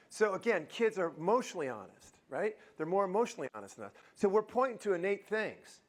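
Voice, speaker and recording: A man's voice: sits high, quick pace, hardly any pauses. A man giving a live motivational talk in a university auditorium, joking and quizzing the audience. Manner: lively, jokey, quizzes the crowd. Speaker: motivational speaker.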